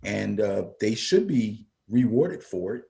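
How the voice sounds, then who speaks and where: A man's voice: fairly low pitch, expressive, takes it slowly, vocal fry, dark tone. A man co-hosting a casual football talk show, emphatic and prone to repeating himself. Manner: emphatic, repeats words when fired up. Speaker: sports talk show co-host. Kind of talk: casual sports radio chat.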